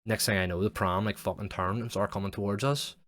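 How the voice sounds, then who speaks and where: A young man with a deep voice rambles through a story on his podcast. He swears freely and fills nearly every pause with "like". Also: steady tone, a bit bright. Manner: rambling, sweary, heavy use of "like". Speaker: podcast host. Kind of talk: casual storytelling monologue.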